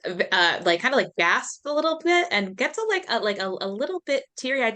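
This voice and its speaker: A woman playing a tabletop game speaks in a fairly high, bright voice. She hesitates often and fills her speech with uhs and likes. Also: sing-song, a little fast, hardly any pauses. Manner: hesitant, full of fillers. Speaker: player. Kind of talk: casual tabletop play.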